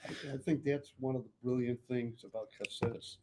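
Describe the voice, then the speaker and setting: A man in the audience of a class, sharing his view in a halting way and repeating his words. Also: mid-range voice, steady tone, warm tone. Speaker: congregant. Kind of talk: casual remarks in a class.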